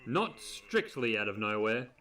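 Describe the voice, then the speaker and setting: A man's voice: fairly low pitch, very animated, measured pace, pushed and bright, full character voice. A man voicing an exasperated, sardonic adult stallion. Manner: dry and sarcastic.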